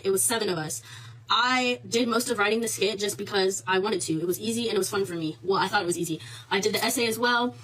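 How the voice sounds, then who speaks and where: A woman's voice: medium pitch, fairly bright tone, a little hiss or hum, poor audio. A woman in her twenties, a student, candidly telling her side of a story in a casual vlog recorded on her phone. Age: 20s. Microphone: phone camera.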